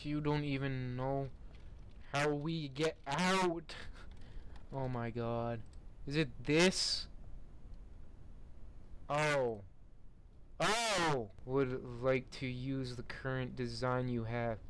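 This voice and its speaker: A man's voice: medium pitch, very slow, pauses often, fairly bright tone, a little hiss or hum. A young man giving casual, sarcastic commentary while playing a game, mocking what he sees and laughing in bursts. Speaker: gamer.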